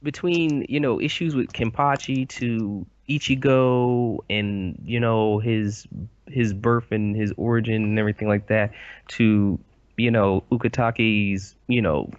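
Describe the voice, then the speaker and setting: A man's voice: fairly low pitch, steady tone, a little slow, no room sound, lo-fi sound. A man co-hosting a podcast, talking in a rambling, emphatic way full of fillers, recorded over a voice call. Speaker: podcast co-host. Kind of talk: casual podcast discussion. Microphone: computer mic over a voice call.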